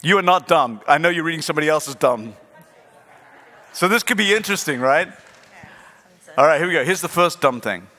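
Lively high-voiced pastor in a large echoing hall. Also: male voice, fairly quick, pauses often. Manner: animated storytelling, acting out biblical characters. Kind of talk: sermon to a live congregation. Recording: long hall reverb.

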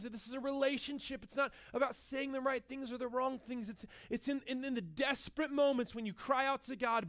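A man's voice: extremely high pitch, fairly bright tone. A young adult man preaching a sermon as pastor, telling a personal story with frequent fillers and restarts.

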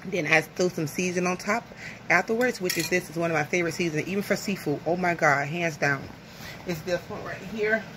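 A woman's voice: fairly low pitch, brisk, background noise. A woman from the American South chatting casually to camera over lunch at home, rambling and nervous. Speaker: vlogger. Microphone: phone camera.

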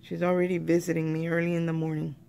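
A woman's voice: low voice, monotone, fast talker, gravelly, dark tone, slight background noise. A woman talking viewers through a craft tutorial in a chatty way, often calling them "you guys".

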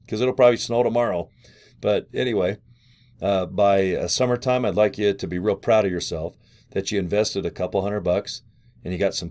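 A man vlogging a loose, chummy sales pitch, talking straight to viewers about joining as an affiliate. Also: a little mellow. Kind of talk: casual pitch to camera.

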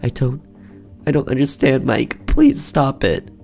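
A man voicing a frightened, pleading wife in a horror game, with his voice pushed up high. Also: wildly swooping pitch, unhurried, gravelly, a little mellow, faint music behind, heavily acted. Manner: pleading, raised pitch. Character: frightened pleading wife Irma, adult woman.

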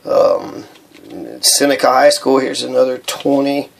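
A man casually talking through his paperwork, halting and aggrieved, with many fillers. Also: mid-range voice, completely flat delivery, gravelly, slight background noise. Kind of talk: casual vlog walkthrough of documents.

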